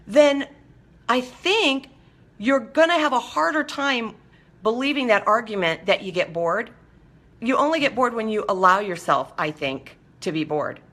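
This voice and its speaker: A woman's voice: a little high, a bit bright. A middle-aged woman hosting a live show, chatting casually with viewers and coaching them in a direct, firm way.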